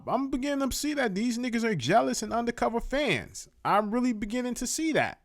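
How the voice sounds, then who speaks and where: A man's voice: high-pitched, no room sound, studio quality. A man hosting a live online show, giving casual, profane commentary and repeating words for emphasis.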